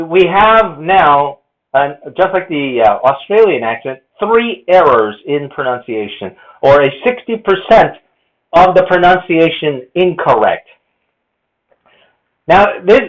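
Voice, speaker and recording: Male presenter with a high, expressive voice; methodical, lecturing delivery; muffled lo-fi sound. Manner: lecturing, counts errors methodically. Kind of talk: explanatory monologue.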